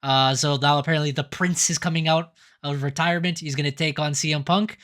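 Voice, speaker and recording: Man, podcast co-host, slightly high voice, casual recap, quick delivery. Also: steady tone, a bit bright. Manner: quick, acts out quoted lines. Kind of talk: casual chat, recapping wrestling shows.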